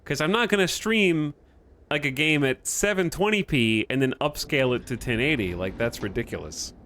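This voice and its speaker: A man's voice: mid-range voice, lively intonation, moderate pace, fairly bright tone, slight background noise. A man streaming a video game, commenting casually with sarcastic asides. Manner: sarcastic, mocking.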